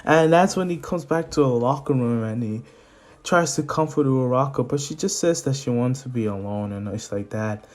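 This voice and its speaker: A man tells a fan story in a relaxed, rambling way, with plenty of casual fillers. His voice sits at an average pitch for a man. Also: moderate pace. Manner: rambling, loose with fillers like "so yeah".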